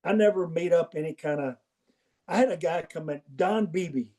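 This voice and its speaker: Older man, coach, folksy storytelling, slightly high voice, mellow tone. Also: moderate pace. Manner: folksy, anecdotal, acts out quoted dialogue. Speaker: guest football coach. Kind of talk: storytelling interview.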